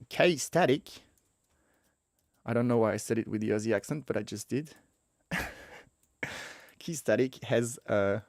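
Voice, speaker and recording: Guy coding on screen, talks it through, middle pitch, dry close mic. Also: a little mellow, no echo. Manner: thinking aloud, self-correcting, chuckles at own mistakes. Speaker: web developer teaching a coding tutorial. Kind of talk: casual screencast coding walkthrough.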